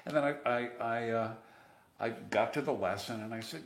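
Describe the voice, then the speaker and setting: A man's voice: mid-range voice, normal speed, creaky, a little hiss or hum. Chatty man telling stories, echoey room. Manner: chatty, sings phrases to demonstrate. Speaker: interview guest. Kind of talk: storytelling interview.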